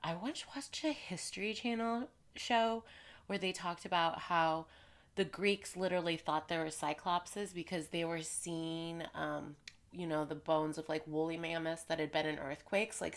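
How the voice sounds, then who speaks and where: A woman talks casually to her viewers in a slightly nasal, stuffed-up voice that sits a little low. She rambles from one tangent to the next in a loose, chatty way. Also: steady tone, a little slow. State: congested with a cold. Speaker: vlogger. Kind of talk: casual chat to camera.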